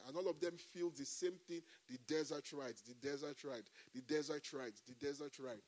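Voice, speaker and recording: An animated male preacher with a fairly high voice, mixing humor and bursts of praise into his sermon. He shifts between loud exclamations and quieter storytelling. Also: brisk, hardly any pauses. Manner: folds laughter and humor into preaching. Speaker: pastor.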